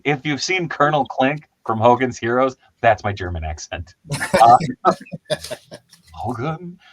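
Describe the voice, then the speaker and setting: A man's voice: on the low side, a little hiss or hum, low-quality recording. A man hosting a casual chat about toys, rambling and laughing at himself. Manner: rambling, laughs often, self-deprecating. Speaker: host.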